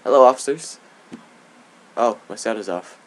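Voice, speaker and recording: A man's voice: on the low side, normal speed. A young man giving casual, rambling gameplay commentary, giggling often and tossing in sarcastic asides. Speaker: let's play gamer.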